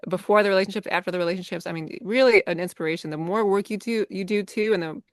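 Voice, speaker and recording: A woman guest on a podcast, speaking in a warm, affirming and reflective way with gentle hesitations. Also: mid-range voice, fast, dry recording, clean studio sound. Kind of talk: casual conversation.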